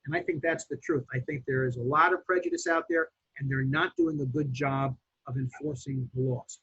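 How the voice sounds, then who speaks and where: A real estate instructor, lecturing a class in an emphatic, lively way with fillers and restarts. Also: male voice, mid-range voice, normal speed, slightly rough. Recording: dull lo-fi classroom recording.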